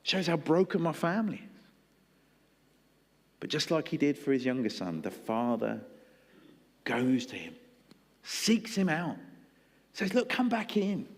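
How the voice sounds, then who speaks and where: A man's voice: mid-range voice, sing-song, unhurried, long pauses. A male preacher delivering a sermon in a conversational storytelling style, acting out voices. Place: church hall. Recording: long hall reverb.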